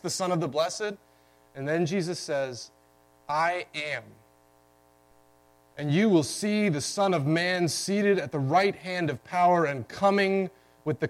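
A man's voice: on the high side, poor audio. A man preaching a sermon as pastor, explaining a scripture text emphatically with frequent restarts.

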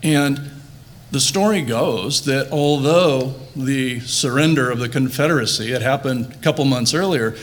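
A man's voice: medium pitch, a little slow, slight background noise. Earnest man preaching a sermon. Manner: earnest, builds emphasis on quoted words, restarts phrases. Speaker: pastor. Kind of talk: quiet closing prayer.

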